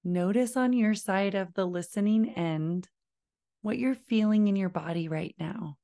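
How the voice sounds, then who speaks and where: Slow, calm woman teaching parents. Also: gravelly. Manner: calm, deliberate, models slow low phrases. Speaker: parenting educator. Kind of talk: instructional talk to camera.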